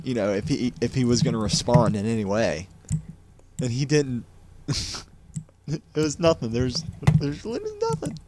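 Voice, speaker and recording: Young male podcast co-host, rambling storyteller, mid-pitched voice, faint hiss behind. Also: a little slow. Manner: rambling storyteller, repeats words, laughs a lot. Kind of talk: casual chat.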